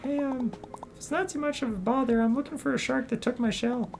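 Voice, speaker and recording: Woman doing a squeaky young crab kid. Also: brisk, vocal fry, noisy background. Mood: earnest. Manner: high, excitable, shrill when startled.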